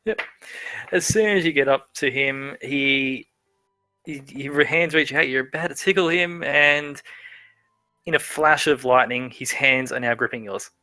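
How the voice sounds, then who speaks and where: A young man narrating a tabletop game as game master, stammering and restarting, pitching up for the characters he voices. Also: a little slow, pushed and bright, no room sound, soft background music.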